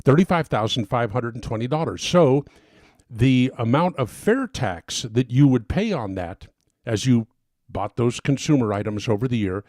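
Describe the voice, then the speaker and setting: Male advocate, emphatic and fired up, mid pitch, dry close sound. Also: a little mellow, dry recording. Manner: emphatic, gets worked up. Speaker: fair tax advocate giving a talk. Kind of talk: persuasive talk.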